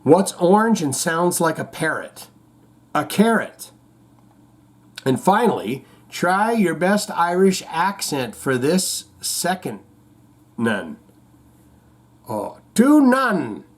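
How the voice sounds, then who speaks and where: A man's voice: high voice, sing-song, slow pace. A man hosting a show in casual chat, rambling, reading out viewer comments and telling corny jokes. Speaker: host.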